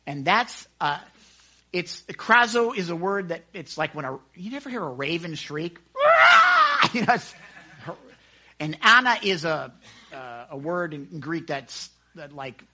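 An excitable man leads a casual Bible study, talking into a microphone in a high, bright voice. His pitch swings widely as he chats, and he keeps acting out the scenes he describes. The teaching is loose and enthusiastic. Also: a little slow. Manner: excitable, chatty, acts out scenes. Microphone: handheld microphone.

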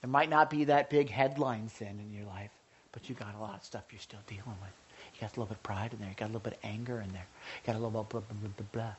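A man preaching a casual sermon to a congregation, animated and jokey, swinging between loud and quiet. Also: lowish voice, quick pace, a little hiss or hum.

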